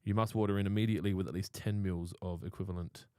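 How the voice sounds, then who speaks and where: A brash Australian man with a slightly low voice, co-hosting in blunt, profane casual chat. He sounds close and dry, with almost no room sound. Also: steady tone, quick pace, warm tone, clear, resonant tone, no echo. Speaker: podcast co-host.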